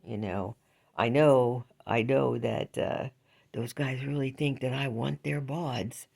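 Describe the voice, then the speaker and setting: A woman's voice: extremely low pitch, steady tone, slow pace, creaky, a little mellow, husky. An older woman vlogging in a casual, rambling monologue, indignant and chatty, with frequent laughs.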